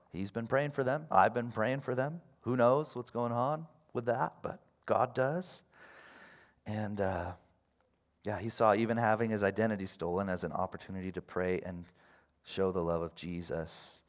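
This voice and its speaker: A man preaching a sermon in a casual, animated way, going from quiet asides to loud bursts. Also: fairly low pitch. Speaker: pastor.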